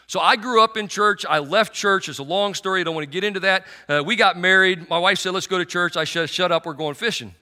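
A man's voice: sits high, sharp tone. A middle-aged man preaching a sermon in a conversational, sarcastic way, with many restarts and fillers.

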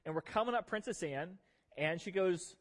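A man preaching a sermon, telling a funny story about himself in an animated, self-deprecating way to his church congregation. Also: sits high, normal speed. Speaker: pastor. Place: church sanctuary. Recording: long reverb of a large hall.

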